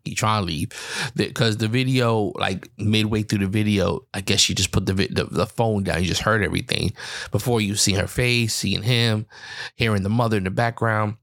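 Male podcast host, low voice, heated and repetitive, dry mic. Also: steady tone, normal speed, fairly bright tone, dry recording. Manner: heated, repetitive retelling with frequent restarts. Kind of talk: opinion commentary.

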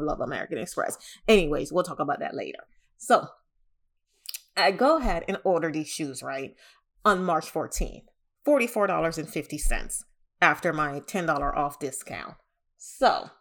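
A woman vlogging casually, telling an exasperated story with lots of fillers and big jumps in pitch. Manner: animated, exasperated, lots of "you know" fillers.

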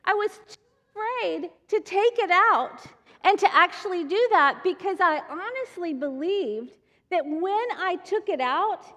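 Woman preacher, high voice, animated storytelling, laughs a lot, long hall reverb. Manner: animated, laughs often while telling stories. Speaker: women's ministry speaker. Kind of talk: sermon with personal storytelling.

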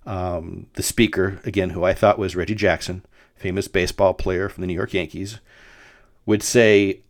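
A middle-aged man with a fairly low voice tells a story on his podcast, wandering and full of fillers. The sound is dry and close. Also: steady tone, moderate pace, dry recording. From Denver, Colorado. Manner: rambling, with frequent fillers and restarts. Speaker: podcast host. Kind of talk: casual storytelling monologue.

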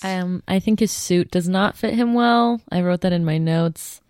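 A young woman chatting casually about a movie on a podcast, playful and quick to laugh. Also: fairly low pitch, darkish tone, smooth, dry recording, studio quality. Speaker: podcast panelist.

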